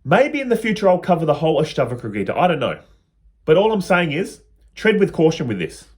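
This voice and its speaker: A man's voice: a little high, big pitch swings, fast, darkish tone. A man explaining spiritual teachings to his viewers in an earnest, personal, plain-spoken way.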